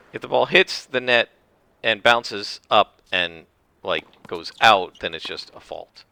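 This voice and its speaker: A man giving casual commentary over his own tennis game, explaining the rules at length and rambling with restarts and throat clearing. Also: on the low side, expressive, slow pace, pauses often, bright, forceful tone. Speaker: gameplay commentator. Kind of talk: casual let's-play commentary.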